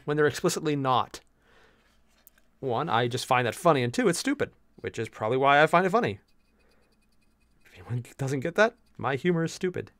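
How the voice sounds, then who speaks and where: A young man chatting with his live-stream viewers as he paints miniatures, joking freely. His voice sits a bit high and swings around a lot, and the sound is close and dry. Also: fast, no echo. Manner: animated, jokey, chatty with viewers. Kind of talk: casual live-stream chat.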